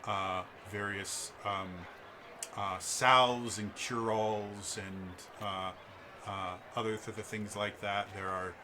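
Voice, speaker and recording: A man running a tabletop role-playing game, painting the scene for his players. He speaks in a bright, crisp voice and stops often with fillers as he searches for each detail. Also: lowish voice, fairly even intonation, a little hiss or hum. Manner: halting, full of "uh" fillers while describing scenes. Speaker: game master.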